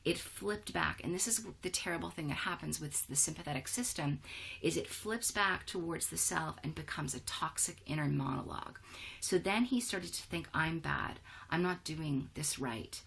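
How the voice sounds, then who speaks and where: A woman presenting an online wellness workshop over a video call, affirming participants and reading their chat replies aloud with quick words of praise. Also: fairly low pitch, creaky, a bit bright, breathy edge.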